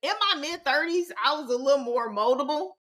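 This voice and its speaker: A woman's voice: sits high, brisk, fairly bright tone. A woman in her forties hosting a podcast, talking in a sassy, slangy, emphatic way with big swings in her voice. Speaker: podcast host. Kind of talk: casual solo podcast talk.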